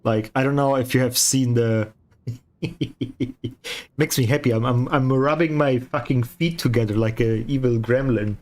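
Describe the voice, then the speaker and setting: Male art streamer, unhurried delivery, mock-grumpy banter with chat, lots of swearing, mouth full of ice. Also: medium pitch, darkish tone, soft background music. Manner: sarcastic, teasing, swears and laughs often; chewing ice while talking. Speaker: livestreaming artist. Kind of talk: casual stream chat while painting.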